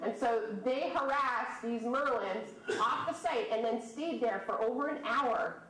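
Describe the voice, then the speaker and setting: A woman in her thirties, a birding presenter telling stories and quizzing a live audience in a lively way. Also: a little high, measured pace. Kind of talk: storytelling talk to a live audience. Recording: echoey room from a distant mic, faint noise.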